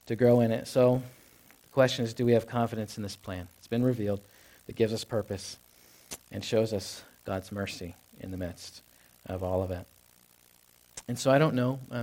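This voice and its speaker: A man in his thirties gives a sermon in a church, and his voice sits a little low. He talks in an easygoing, personal way, with fillers and restarts scattered through. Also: fairly even intonation, a little fast, darkish tone. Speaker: pastor. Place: church sanctuary.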